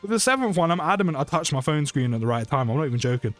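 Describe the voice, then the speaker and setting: A young British man giving chatty, excitable gameplay commentary for his channel, often rambling and correcting himself. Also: a little high, racing, soft background music. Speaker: mobile game YouTuber.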